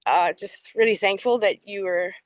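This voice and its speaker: A woman's voice: mid-range voice, normal speed, dry recording, poor audio. Grateful woman joining a call from outdoors. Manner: grateful, a little hesitant. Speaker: viewer joining a live session. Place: outdoors near a lawnmower. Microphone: video call.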